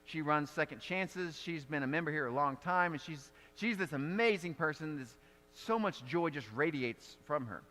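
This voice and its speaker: A man preaching a sermon as pastor, telling stories in a conversational, animated way. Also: on the high side, normal speed, long reverb tail. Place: church sanctuary.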